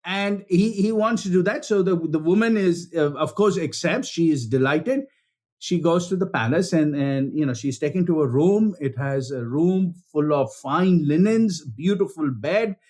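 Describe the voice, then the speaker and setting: A spiritual speaker telling a parable in an animated way, often repeating words and calling listeners friends. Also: male voice, a little high, moderate pace. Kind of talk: storytelling talk.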